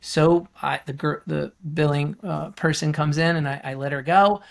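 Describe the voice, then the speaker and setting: A man's voice: fairly high pitch, steady tone, moderate pace, gravelly. A middle-aged man, a guest coach on a business podcast, telling stories animatedly and acting out the people he quotes in a raised voice. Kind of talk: storytelling in a podcast interview.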